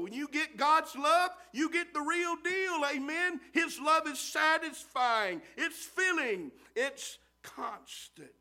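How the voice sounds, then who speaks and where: A man delivers a sermon, his voice sitting very high and bright. He speaks slowly, repeating phrases and asking "Amen?" in call-and-response fashion. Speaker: preacher.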